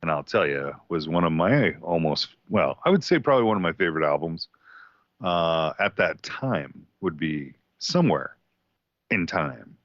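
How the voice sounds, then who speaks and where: Deep, rambling male co-host. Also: very animated, moderate pace, fairly bright tone, no room sound, dull audio. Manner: rambling, hesitant with fillers. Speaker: podcast co-host. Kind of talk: casual podcast chat.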